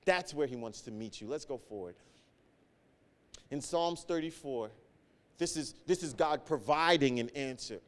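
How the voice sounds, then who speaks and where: A man preaching a sermon, earnest, repeating key phrases for emphasis and swinging between loud and soft. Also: mid-range voice, lively intonation, unhurried, pauses often, big-room sound. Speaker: pastor.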